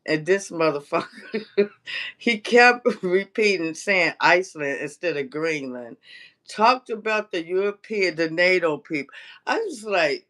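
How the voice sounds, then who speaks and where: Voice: medium pitch, lively intonation, unhurried, sharp tone. A cooking vlogger chatting casually on a livestream, ranting and cursing freely and laughing often.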